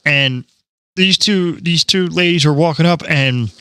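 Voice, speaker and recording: Bright-voiced man on a crude podcast. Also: on the high side, measured pace, smooth, no echo, clean studio sound. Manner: crude, joking, trails into silly put-on voices. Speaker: podcast co-host. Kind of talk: casual chat.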